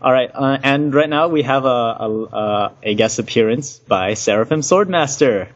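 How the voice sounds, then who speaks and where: A man's voice: mid-range voice, moderate pace, slight background noise. A young man hosting a casual podcast, hesitant with many ums and laughing often. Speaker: podcast host. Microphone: online voice call. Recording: dull lo-fi call audio.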